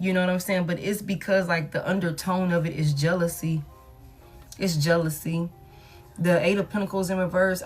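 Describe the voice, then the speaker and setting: A woman giving a casual tarot reading in a blunt, repetitive, slangy way, often saying "you know what I'm saying,". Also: lowish voice. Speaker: tarot reader.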